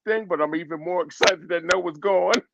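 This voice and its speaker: A man calling in to a sports podcast, talking in a relaxed, friendly, slangy way. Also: high voice, moderate pace, creaky, muffled recording, very noisy. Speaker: call-in guest. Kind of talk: casual chat.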